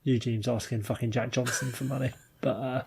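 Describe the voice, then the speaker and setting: British male podcast co-host, gravelly, husky, wry and sweary. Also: medium pitch, little pitch movement, a little fast, darkish tone. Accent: British English. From Britain. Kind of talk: casual chat.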